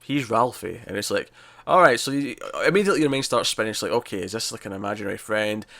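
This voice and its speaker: A man with a lowish, sharp-toned voice co-hosts a casual podcast reviewing a TV episode. He rambles through the recap with many restarts, acting out scenes in quick voices.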